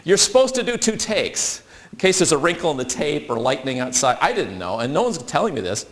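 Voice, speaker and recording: A man's voice: a little high, big pitch swings, brisk. A man telling a funny story to an audience, acting out the voices of the people in it. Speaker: speaker.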